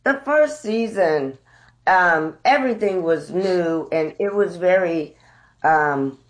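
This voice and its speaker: Woman, middle-aged actress, slow deliberate talk, reflective, candid storytelling. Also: lowish voice. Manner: unhurried, reflective, animated when retelling. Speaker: actress guest.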